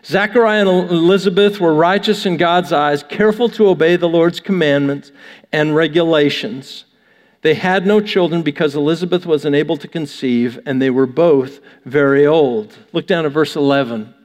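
A man's voice: on the high side, moderate pace, long reverb tail. A man preaching a sermon, reading scripture aloud and then riffing on it in a conversational, joking way. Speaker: pastor.

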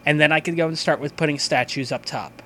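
A man hosting a podcast, chatting casually and reading sponsor spots in a loose, profane, excitable way. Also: on the high side, quick pace. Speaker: podcast host.

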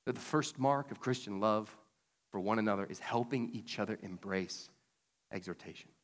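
A man's voice: lowish voice, normal speed. A man preaching a sermon as pastor, chatty and conversational, with sudden emphatic bursts. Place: church sanctuary. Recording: long hall reverb.

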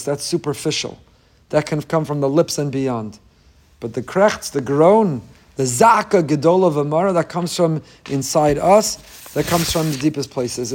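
A man leading his daily inspirational talk as a rabbi, speaking with fervent emphasis. His voice sits a little above the usual male pitch, and he drives points home by repeating them. He sprinkles Hebrew and Yiddish terms into his English. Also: a little mellow. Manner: emphatic, repeats phrases for stress.

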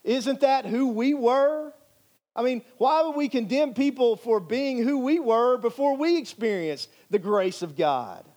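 A man's voice: extremely high pitch, animated, a little slow, darkish tone. A male pastor preaching a sermon in an earnest, emphatic way, repeating phrases for emphasis.

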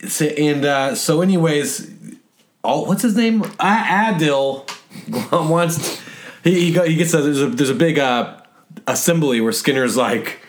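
A man's voice: a little high, a little slow. A man hosting a casual podcast, rambling through an episode recap with restarts and laughs. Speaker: podcast host.

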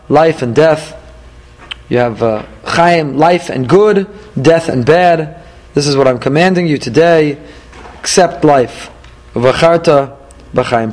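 A man, apparently middle-aged, leading a Torah class, lively and emphatic, reading Hebrew verses and paraphrasing them. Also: fairly high pitch. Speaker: rabbi teaching weekly Torah portion.

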